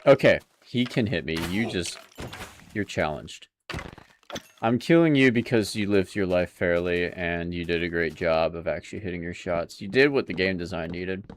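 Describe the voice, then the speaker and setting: A relaxed young man talks through his gameplay to his stream chat in a low, easygoing voice. He chats loosely, laughs often and drifts between remarks about the game and his audience. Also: moderate pace, slight background noise. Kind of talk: casual gameplay commentary.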